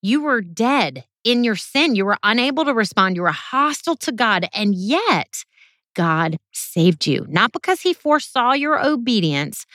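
A woman delivers an earnest Bible teaching in a sermon style, reading verses aloud and then explaining them. Her pitch sits in a middle range, and she stresses her points by slowing down and then pressing forward. The recording is close and dry, with no room echo. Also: a bit bright. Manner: earnest, emphatic, varying pace for stress.

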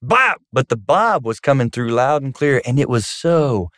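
A man's voice: moderate pace, dry recording, studio quality. A man, a pastor and marriage counselor, chatting casually and telling stories, acting out voices now and then. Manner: storytelling, acts out voices with sudden high pitch jumps. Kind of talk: casual podcast chat with his wife.

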